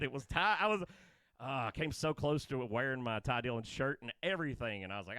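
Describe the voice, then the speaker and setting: A man's voice: medium pitch, fairly quick, clean tone, dry recording. A man co-hosting a casual chat show, rambling and laughing as he tells stories. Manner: rambling, laughing, excitable storytelling. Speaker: podcast co-host.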